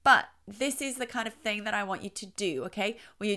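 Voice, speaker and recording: A woman's voice: mid-range voice, fast talker, few pauses, pushed and bright. A middle-aged woman who is a child psychologist, giving playful parenting advice and exaggerating her voice to show how it should sound.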